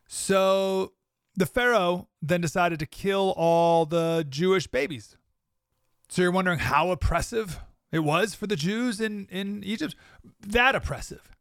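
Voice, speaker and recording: A man's voice: a little high, unhurried, creaky, a bit bright, no room sound, clean studio sound. A man hosting a podcast, talking reflectively to his listeners and reading out scripture in a conversational way. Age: adult with a young child. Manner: conversational, quotes scripture, talks to listeners directly. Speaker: podcast host.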